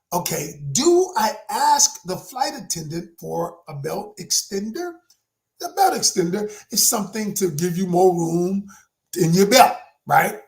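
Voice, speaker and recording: A man, a relationship coach telling a personal story in a dramatic, emphatic motivational talk that speaks straight to the audience. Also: high-pitched.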